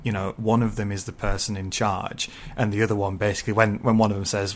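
Thoughtful low-voiced man discussing a book. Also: level tone, fast talker, few pauses, a little hiss or hum. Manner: thoughtful, laying out ideas step by step. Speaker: podcast co-host.

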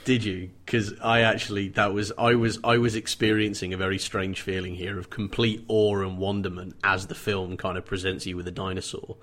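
A man co-hosting a casual film podcast, talking with animated, wry enthusiasm and casual swearing. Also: deep voice, a little fast, hardly any pauses. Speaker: podcast co-host.

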